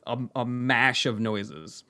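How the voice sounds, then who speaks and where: A man's voice: mid-range voice, expressive, slow pace, sharp tone, clear, resonant tone. A man in casual podcast chat, rambling and self-mocking as he talks.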